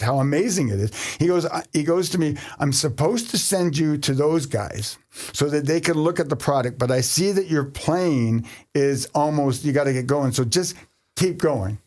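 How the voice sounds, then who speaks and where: A Canadian podcast host tells a story in a fairly high, animated voice. He laughs often and acts out the people he quotes. The talk is loose and chatty. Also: moderate pace. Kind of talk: casual storytelling chat.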